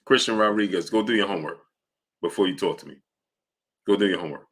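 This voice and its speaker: A man hosting a live stream in casual, argumentative commentary. His voice sits fairly low but comes out forceful and bright. He keeps repeating himself and breaks off to call out viewers' names from the chat. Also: fast. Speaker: boxing live-stream host.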